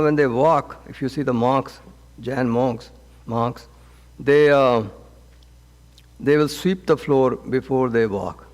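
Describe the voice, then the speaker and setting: A man as a swami teaching a scripture class, speaking gently and haltingly with frequent restarts and repeated words. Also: medium pitch. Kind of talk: spoken scripture class with counseling advice. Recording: long reverb of a hall.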